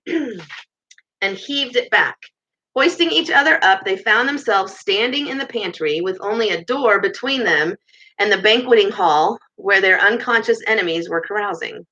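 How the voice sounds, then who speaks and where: Bright-voiced woman reading a story aloud. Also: mid-range voice. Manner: lively read-aloud with chatty asides. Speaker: storybook reader. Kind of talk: reading a children's novel aloud. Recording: muffled lo-fi recording.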